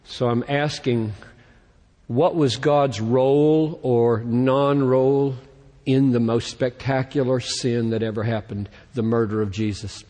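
A man preaching a sermon in an earnest tone, his voice rising and growing louder as he reads scripture. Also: mid-range voice, steady tone, unhurried, long reverb tail. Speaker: pastor.

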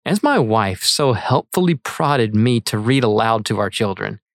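A middle-aged man reading his own essay aloud in an earnest, measured way. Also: on the low side, expressive, dry recording, studio quality. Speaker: author reading his article. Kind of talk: read-aloud essay narration.

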